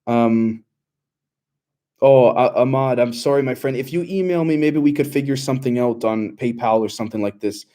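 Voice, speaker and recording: Young male livestream host, mellow tone, loose and rambling, lots of ums while reading chat. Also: mid-range voice, normal speed. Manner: loose and rambling, many fillers and restarts.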